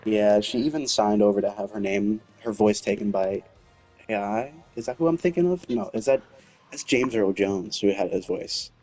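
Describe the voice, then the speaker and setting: A man's voice: on the low side, normal speed, mellow, soft background music. A man chatting casually as a gaming co-host, laid-back, reacting briefly to stories. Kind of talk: casual chat.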